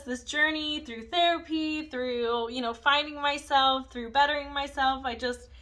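Woman, thirties, podcast host, rambling, self-reflective, bright tone. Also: a little high, rough recording. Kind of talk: casual personal monologue.

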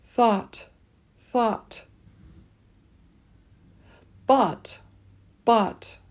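A woman leading a pronunciation drill, saying each word twice and pausing so listeners can repeat. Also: on the high side. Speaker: pronunciation teacher.

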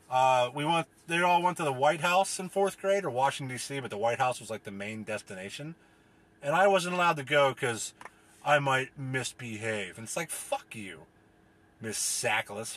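A man's voice: mid-range voice, animated, fairly quick, a bit bright. A man from the US delivering a profane, rambling, exasperated comedic rant as a solo podcast host.

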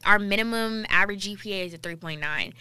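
A woman's voice: mid-range voice, pushed and bright, smooth. Playful young woman podcast co-host. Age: young adult. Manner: playful, quick to agree, jokey. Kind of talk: casual chat.

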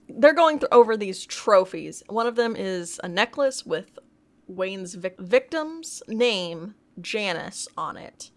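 A woman co-hosting a podcast, recapping TV episodes in a casual, chatty way. She acts out the characters' lines as she goes and swears freely. Her voice sits at an ordinary pitch for a woman. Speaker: podcast co-host.

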